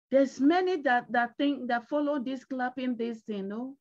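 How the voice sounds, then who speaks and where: Woman evangelist, sermon, high voice, emphatic and repetitive, pleading, muffled lo-fi recording. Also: normal speed, hardly any pauses, darkish tone. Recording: dull lo-fi recording.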